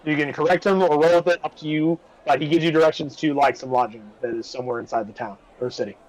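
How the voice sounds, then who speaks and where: A man's voice: a little high, fairly even intonation, fast talker, a little mellow, poor audio. A man narrating a tabletop game as game master, casual and rambling with many fillers.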